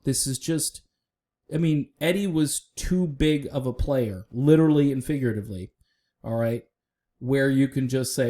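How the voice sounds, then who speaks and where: A man's voice: mid-range voice, moderate pace, dark tone. A man giving casual, opinionated solo commentary on music news, talking straight to viewers with frequent fillers.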